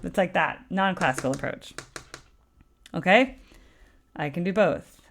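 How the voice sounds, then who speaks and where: A woman's voice: on the low side, a little slow, vocal fry, a little hiss or hum. A woman hosting a music reaction video as a voice teacher, talking casually and breaking down a singer's technique with lots of fillers. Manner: animated, demonstrates vocal technique, lots of fillers. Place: home room with a sunlit window.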